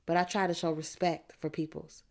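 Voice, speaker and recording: A woman reading a first-person audiobook, narrating in a steady street-dialect teen voice. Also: sits low, normal speed, vocal fry.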